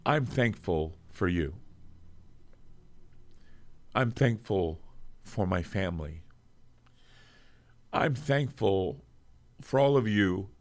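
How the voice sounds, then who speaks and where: A man's voice: deep voice, fairly bright tone. A middle-aged American man hosting his show, speaking in an emotional monologue to viewers, choking up as he talks, earnest and heartfelt. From United States. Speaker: radio show host.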